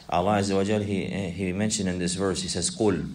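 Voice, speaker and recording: Male religious teacher, deep voice, repeats himself, quizzes the class. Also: steady tone, fast talker, a little mellow. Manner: repetitive, asks students questions, mixes Arabic recitation. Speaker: Islamic teacher. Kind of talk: classroom lesson explaining a text.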